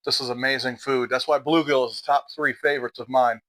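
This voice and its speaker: Midwestern vlogger, middle-aged man, bright even-toned voice, casual talk over dinner at home. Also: mid-range voice, brisk, rough recording. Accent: Midwestern American. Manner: relaxed, chatty, talks with mouth full. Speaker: outdoor vlogger. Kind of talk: casual vlog narration while eating.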